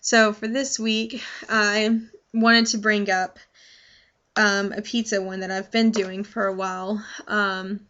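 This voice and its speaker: A woman's voice: medium pitch, little pitch movement, slow, sharp tone. A young adult woman talking casually to her vlog audience, rambling with many fillers and restarts. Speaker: vlogger. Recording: dull lo-fi sound.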